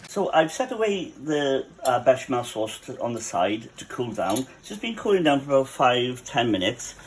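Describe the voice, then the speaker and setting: A man's voice: medium pitch, sing-song, normal speed, slight background noise, rough recording. Chatty Welsh man cooking at home. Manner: chatty, with fillers and asides. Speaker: cafe cook hosting a cooking tutorial. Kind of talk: casual cooking demonstration. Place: home kitchen.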